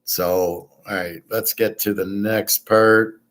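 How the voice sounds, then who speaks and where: A man's voice: fairly low pitch, steady tone, slow, a bit bright. A man hosting his own show, talking in a blunt, profane, rambling way with a Detroit accent. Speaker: show host. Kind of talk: casual monologue.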